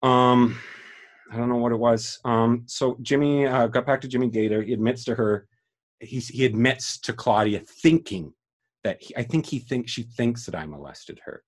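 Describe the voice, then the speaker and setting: A man's voice: mid-range voice, moderate pace. A man hosting a podcast, talking through a film in a rambling, emotional way with many restarts and some swearing. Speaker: podcast host. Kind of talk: casual film discussion.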